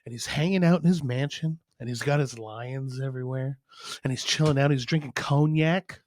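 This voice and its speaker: A man co-hosting a podcast, telling a long rambling joke in casual chat, with squeaky outbursts for his characters. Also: moderate pace, dry recording. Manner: animated storytelling, squeaky voices for characters. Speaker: podcast co-host. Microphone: studio mic.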